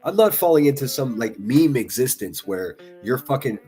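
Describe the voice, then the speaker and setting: A man's voice: mid-range voice, very animated, moderate pace, warm tone, soft background music. A man giving profane, taunting live-stream commentary, laughing often as he mocks. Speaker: livestream commentator.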